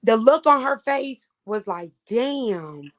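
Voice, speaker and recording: Profane, animated woman telling a story. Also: a little high, moderate pace, slight background noise. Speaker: vlog host recounting an audition. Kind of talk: casual storytelling chat.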